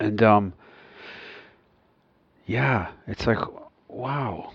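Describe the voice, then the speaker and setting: Low-voiced older man, rambling chat. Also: extremely slow, gravelly, breathy edge, no room sound, highs cut off. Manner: rambling, many restarts and "you know"s. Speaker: podcast co-host. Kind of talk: casual chat.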